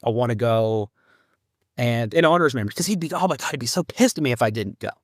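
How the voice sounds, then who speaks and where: A man hosting a solo podcast, talking haltingly and rambling as he grieves a close friend. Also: medium pitch, animated, dry recording. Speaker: podcast host.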